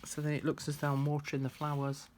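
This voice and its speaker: A woman's voice: deep voice, monotone, quick pace, background noise. A woman chatting casually through a craft tutorial, thinking aloud as she works.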